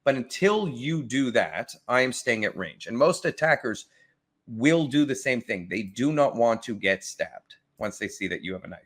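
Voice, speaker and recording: A man's voice: medium pitch, lively intonation, normal speed, fairly bright tone. Enthusiastic man reacting to martial arts. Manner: enthusiastic, thinks aloud with frequent restarts. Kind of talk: casual reaction commentary.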